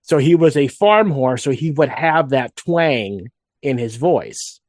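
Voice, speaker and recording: A man's voice: mid-range voice, expressive, slow pace, darkish tone, no room sound, clean studio sound. A man co-hosting a casual fan podcast, rambling with frequent restarts and asides. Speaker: podcast co-host.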